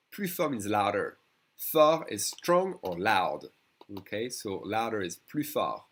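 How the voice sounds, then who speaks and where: A middle-aged native French speaker with a French accent teaches an online language lesson, modelling phrases and checking in with "d'accord?". His voice is on the low side and sing-song, at a measured pace.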